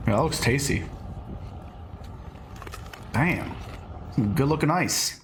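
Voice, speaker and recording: A man's voice: medium pitch, animated, slow pace, echoey room, slight background noise. A man streaming live and reacting to clips with amused exclamations.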